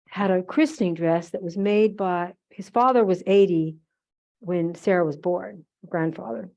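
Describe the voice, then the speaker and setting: Through a muffled recording, an older woman's creaky, mellow, mid-range voice carries her chatty talk at a museum holiday event. As guest speaker, she rambles fondly through stories, adding asides and correcting herself.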